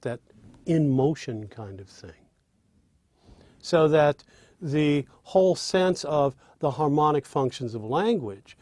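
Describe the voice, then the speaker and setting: A man teaching songwriting in a spoken lesson, demonstrating by speaking and singing lines in an animated way. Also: mid-range voice, no room sound. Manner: animated, with restarts. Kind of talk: spoken lesson with sung examples.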